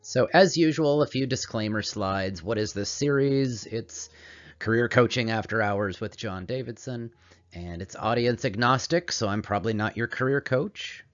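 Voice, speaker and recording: A man hosting a career coaching show, giving a calm, meditative solo presentation in a put-on radio voice. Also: medium pitch, normal speed. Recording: slightly dull audio with soft background music. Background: calming music.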